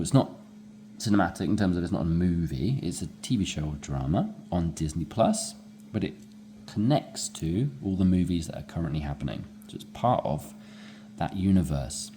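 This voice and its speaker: Lively low-voiced male English teacher. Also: moderate pace, a little hiss or hum. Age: adult with young children. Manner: animated, demonstrates rising inflection. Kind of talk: explaining a textbook dialogue.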